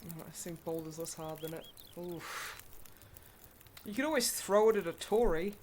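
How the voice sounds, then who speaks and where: Sweary Australian woman streamer, lowish voice. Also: background noise. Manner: blunt, sweary, quick to laugh. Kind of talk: casual chat while livestreaming a game.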